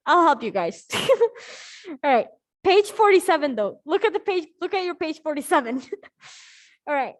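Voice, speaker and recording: A woman's voice: sits high, sing-song, measured pace, pauses often. A woman teaching an English grammar lesson over a video call, upbeat, checking in with the class often. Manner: upbeat, checks in often with "okay?" and "all right?".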